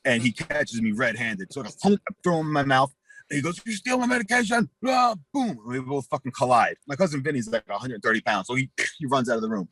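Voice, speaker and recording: A husky man in his forties, telling rambling, profane stories as an interview guest and acting out the voices in them. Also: mid-range voice, fast, fairly bright tone, dry recording. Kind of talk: casual storytelling.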